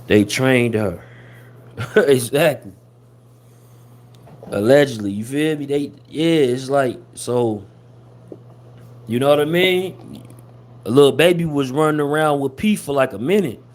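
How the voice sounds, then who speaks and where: A man's voice: medium pitch, darkish tone. Slangy man chatting on a livestream. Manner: loose slangy talk with many fillers. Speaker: host of a hip-hop gossip livestream. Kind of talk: casual livestream chat.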